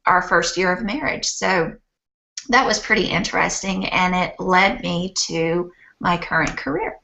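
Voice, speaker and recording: A young woman telling a personal story in a relaxed way, with small filler pauses. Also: fairly low pitch, creaky, poor audio.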